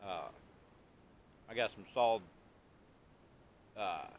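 A man hosting a casual demo vlog outdoors, explaining things in a plain, unhurried show-and-tell way. He has the hiccups. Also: on the low side, animated, a little hiss or hum. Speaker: channel host.

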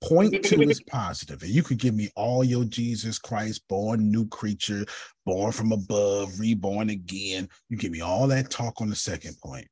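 A man's voice: fairly low pitch, lively intonation, normal speed, darkish tone, slightly rough, dry recording, clean studio sound. A man teaching a group on a video call, blunt and joking, calling on listeners by name. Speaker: teacher and coach. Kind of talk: lively teaching session with a group.

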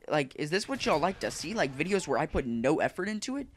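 A man's voice: sits high, big pitch swings, a little fast, few pauses. A man doing casual gaming commentary, rambling and swearing as he vents his frustration. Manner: rambling, profane, frustrated ranting. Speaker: gaming YouTuber. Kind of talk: casual commentary over gameplay.

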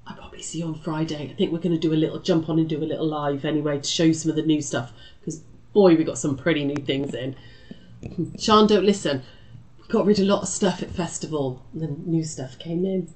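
A woman's voice: deep voice, fast, darkish tone. A middle-aged British woman hosting a live quilting tutorial, chatty and reassuring, calling viewers lovely and love. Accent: British English. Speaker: quilting shop host.

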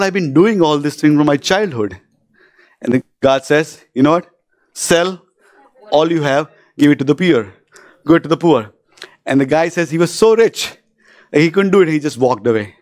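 A man preaches a fervent sermon, his voice sitting a little higher than most men's. He keeps breaking in with hallelujah and praise God, and keeps turning to his listeners with a questioning "isn't it?". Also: dry recording, clean studio sound. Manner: asks isn't it of the congregation. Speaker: pastor.

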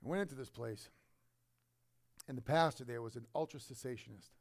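A middle-aged pastor preaching a sermon, telling a personal story with emotion, swinging from loud emphasis to hushed quiet. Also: male voice, mid-range voice, fairly quick.

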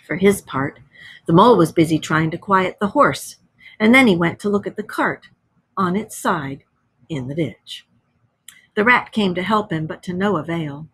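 Husky woman reading a story to a class. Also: on the low side, moderate pace. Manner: expressive, explains to children. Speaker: teacher.

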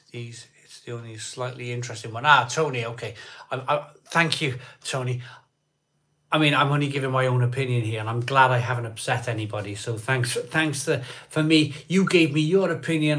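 A man with a medium-pitched, slightly bright voice hosts a live beer stream, chatting casually, reading live comments, greeting viewers by name and rambling from topic to topic.

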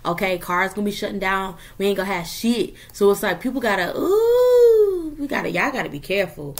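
Reading tarot for an online audience, a woman talks loosely and casually, cursing freely in an animated way. She drives her points home with quick "okay?" checks and a firm "period." Her voice sits at an ordinary middle pitch.

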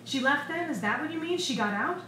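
A woman's voice: high voice, animated, a little fast, slight background noise, pitched above the performer's own voice. A woman reading aloud and voicing a lovesick, desperate aging man, in an echoey bar recorded from a distance. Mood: pleading. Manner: loud, pleading, strained.

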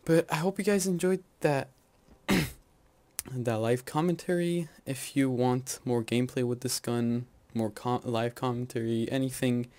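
A man's voice: mid-range voice, fairly even intonation, unhurried. Young man rambling over gameplay. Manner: rambling, laughs and yells at the game. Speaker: gaming channel host. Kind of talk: live gameplay commentary.

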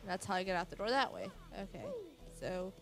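A woman's voice: medium pitch, expressive, brisk, over music. A young woman casually commenting on a video game she is playing, with wry, chatty asides. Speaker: let's play host.

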